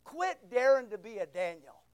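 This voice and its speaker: A preacher giving an impassioned, emphatic sermon that swings between loud outbursts and hushed asides. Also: medium pitch, sing-song, moderate pace, clear, resonant tone, dry recording.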